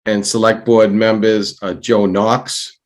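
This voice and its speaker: A man's voice: lowish voice, level tone, slow. A man serving as town administrator, politely introducing board members and guiding a candidate interview. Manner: polite, procedural. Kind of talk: chairing a public meeting.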